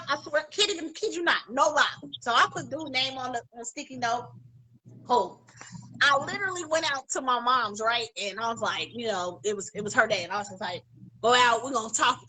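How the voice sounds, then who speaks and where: A woman's voice: fairly high pitch, brisk, sharp tone, slightly rough, rough recording. A woman co-hosting a casual podcast, telling a candid personal story with emphatic slang. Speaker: podcast co-host.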